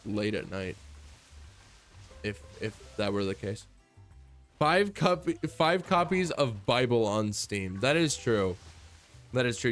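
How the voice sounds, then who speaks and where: A man's voice: fairly low pitch, fairly bright tone. A man chatting casually on a stream, rambling and laid-back and swearing freely.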